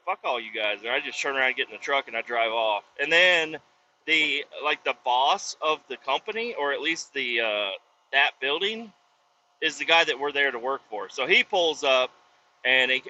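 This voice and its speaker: A man casually telling a rambling work story from inside his truck, profane and animated, acting out the people he quotes. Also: medium pitch, moderate pace, lo-fi sound, slight background noise. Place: inside a pickup truck with windows down.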